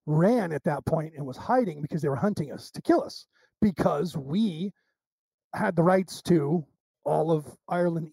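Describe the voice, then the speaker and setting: A man being interviewed, telling rambling, animated stories full of restarts and asides. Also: a little high, dry recording. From United States. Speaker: interview guest. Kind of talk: casual storytelling interview.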